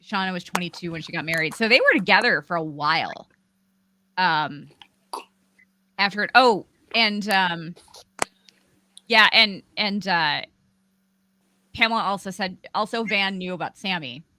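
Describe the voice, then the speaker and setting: A woman's voice: on the low side, expressive, measured pace, pauses often, pushed and bright, slight background noise. A woman guest host in casual chat, hesitant and restarting her sentences.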